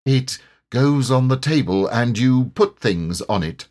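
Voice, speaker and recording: A man's voice: medium pitch, expressive, takes it slowly, darkish tone, pitched above the performer's own voice. A man voicing Tigger, a bouncy, boastful and cheerful male tiger in a storybook reading.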